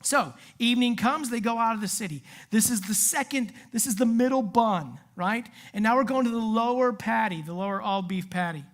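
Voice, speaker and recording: A woman preaching a sermon in a casual, animated way, full of asides and acted-out quotes. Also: fairly high pitch, normal speed, hardly any pauses. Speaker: youth pastor.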